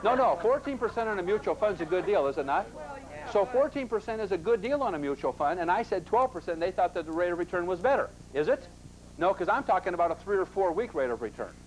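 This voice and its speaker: Guy running a money seminar, kinda high voice, keeps asking the room "right?". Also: big pitch swings, fast, a little hiss or hum, low-quality recording. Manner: emphatic, peppers the audience with rhetorical questions. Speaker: investment seminar instructor. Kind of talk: live seminar lecture. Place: seminar classroom with an audience.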